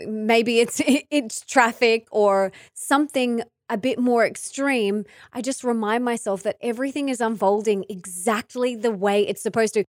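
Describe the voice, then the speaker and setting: Female podcast host, enthusiastic and encouraging; slightly high pitch, dry studio sound. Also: no room sound. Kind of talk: conversational interview.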